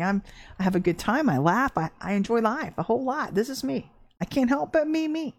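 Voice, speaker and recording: A woman preaching an informal livestream sermon, earnest and animated, repeating phrases for emphasis. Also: on the high side, brisk. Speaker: preacher hosting a livestream devotional.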